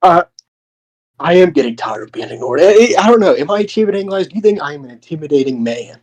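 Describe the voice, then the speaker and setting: A man in character as a wrestler, volatile and cursing, swinging between forced calm and anger. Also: on the high side, fast talker. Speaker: wrestler persona in a press conference roleplay.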